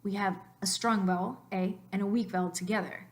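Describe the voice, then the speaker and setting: A woman at a middle pitch narrates a recorded slide lesson on Spanish pronunciation. She explains step by step and patiently, drawing out the words she wants to stress. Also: steady tone, a little fast. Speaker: Spanish teacher.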